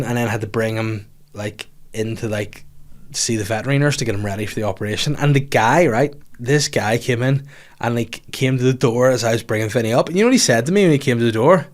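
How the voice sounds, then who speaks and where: A young man with a Northern Irish accent hosting a podcast, telling a funny story in casual chat, laughing often and jumping into high mock voices to quote people. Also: fairly quick. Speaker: podcast host.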